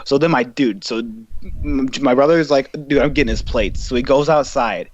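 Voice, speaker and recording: A young man co-hosting a podcast, telling a story in casual chat, animated and profane, acting out what people said. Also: medium pitch, moderate pace. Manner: animated, profane, acts out quotes. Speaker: podcast co-host. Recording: dull lo-fi podcast mic with faint hiss.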